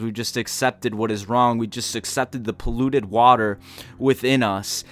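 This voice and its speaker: A man's voice: medium pitch, fairly bright tone, clear, resonant tone. A man giving an earnest motivational talk in a storytelling manner. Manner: earnest, storytelling, acts out quoted voices. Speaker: motivational speaker.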